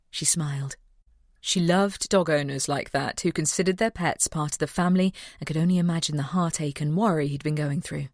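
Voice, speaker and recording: Low-voiced woman narrating an audiobook. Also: a little fast, darkish tone, dry recording, studio quality. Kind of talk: scripted narration.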